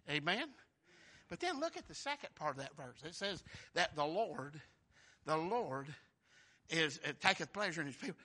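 Man preaching, high voice, very bright and forceful, fervent, shouting praise then dropping to quiet asides. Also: very animated, moderate pace. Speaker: pastor. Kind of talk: sermon.

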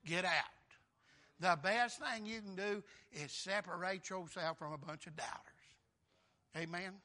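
A man's voice: high-pitched, normal speed, sharp tone. A man preaching a sermon, exclaiming and calling out for amens from the congregation. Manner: folksy, exclamatory, calls for amens.

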